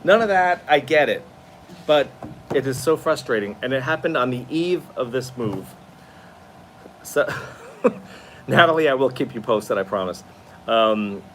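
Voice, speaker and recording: A man's voice: mid-range voice, fairly bright tone, a little hiss or hum. A tired man hosting a casual live stream from his new apartment, chatting expressively and answering viewer comments. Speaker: livestream host.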